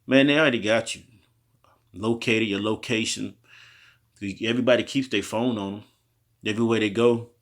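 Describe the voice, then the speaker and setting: A man's voice: fairly low pitch, steady tone. Man giving a casual slangy Bible lesson. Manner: loose slangy delivery, often tagging "man" and "okay?"; halting over word pronunciations, restarting often. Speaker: street preacher teaching scripture. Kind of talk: informal Bible teaching.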